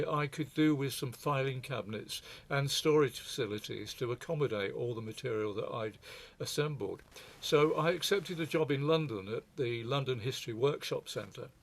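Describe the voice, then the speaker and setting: Brief: an older male speaker presenting with a mid-pitched voice and a wry, digressive storytelling manner. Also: moderate pace, few pauses. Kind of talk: reflective presentation talk.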